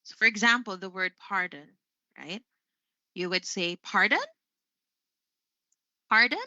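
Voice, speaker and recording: A woman's voice: on the low side, normal speed, pushed and bright, no echo, dull audio. A Filipino woman hosting a live English lesson, chatty, tagging "right?" onto most of her points. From Philippines.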